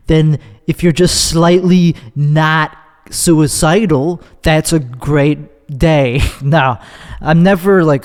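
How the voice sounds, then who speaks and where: A man's voice: a little high, darkish tone, in a large hall. A man hosting his own podcast, delivering a rambling, profane, sardonic comedic monologue that keeps cutting itself off. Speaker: podcast host.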